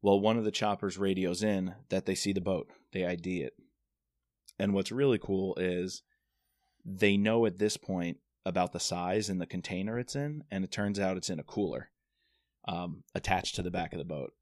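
Brief: low male voice, casual podcast co-host, lively plot retelling, dry close sound. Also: moderate pace, no echo. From Washington DC area. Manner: animated retelling, acts out characters' lines. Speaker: podcast co-host discussing a novel. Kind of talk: casual chat.

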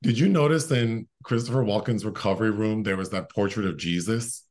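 A man's voice: fairly low pitch, a little fast, darkish tone. A man co-hosting a podcast, chatting casually about a film, joking and laughing often with lots of fillers. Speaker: podcast co-host.

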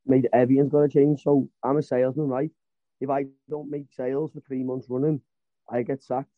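A man's voice: mid-range voice, flat delivery, a little fast, no echo. A man on a casual podcast, ranting hard and swearing. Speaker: podcast panelist. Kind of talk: heated casual rant. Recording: dull lo-fi podcast audio.

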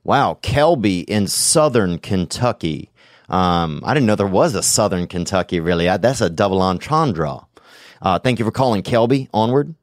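A man's voice: lowish voice, animated, moderate pace, no echo, clean studio sound. A man hosting a podcast, chatting casually and joking with a caller, rambling and swearing freely. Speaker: podcast host taking calls. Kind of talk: casual chat.

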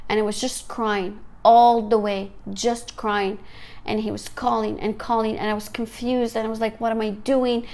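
A woman's voice: fairly high pitch, little pitch movement, normal speed, darkish tone. A woman, an author and teacher, giving an earnest, emotional personal testimony. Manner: earnest, emotional, emphatic storytelling. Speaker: author and teacher sharing her story.

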